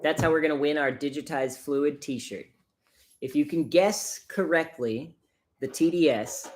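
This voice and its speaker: A man from the United States hosting a casual livestream, chatting and laughing while he brews coffee. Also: a little high. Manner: chatty, self-deprecating, laughs often. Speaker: livestream host.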